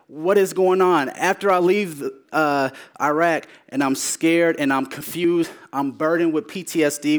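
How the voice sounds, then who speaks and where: Man giving a preached testimony; repeats key lines, swings from urgent to hushed. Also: a little high. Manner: repeats phrases for emphasis, swings between raised urgent lines and hushed ones. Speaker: speaker sharing his testimony.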